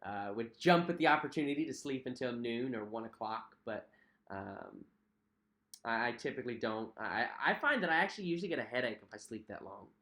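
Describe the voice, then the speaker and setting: A man's voice: mid-range voice, animated, fairly quick, fairly bright tone. Chatty young man hosting a livestream. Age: young adult. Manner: chatty, friendly, repeats himself, frequent fillers. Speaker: cruise vlog host. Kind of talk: casual livestream chat reading viewer comments. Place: at home.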